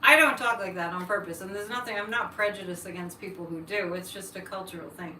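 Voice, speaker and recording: A woman's voice: mid-range voice, fast, pushed and bright, recorded from a distance, slight background noise. A woman hosting a psychic livestream, chatting with viewers and launching into political rants. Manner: chatty, ranting political asides. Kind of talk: live-stream chat, reading comments. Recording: echoey room, mic set back.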